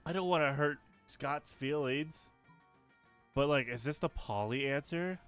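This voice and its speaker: A man's voice: on the high side, unhurried, fairly bright tone, smooth, soft background music. A man casually talking through a video game on a live stream, swearing and laughing now and then.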